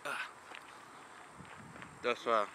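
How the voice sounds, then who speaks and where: A man's voice: drawn-out words, pushed and bright, a little hiss or hum. A young man vlogging casually while walking through an outdoor park, joking and ranting in mock exasperation.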